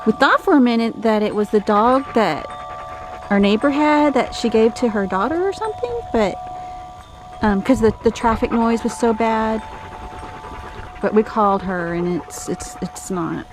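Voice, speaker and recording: A woman's voice: on the high side, lively intonation, moderate pace, over music. A Texan woman vlogging outdoors, coaxing stray dogs in a soothing way and chatting to the camera. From Texas. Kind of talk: casual vlog narration. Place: outdoors in heat on rural property.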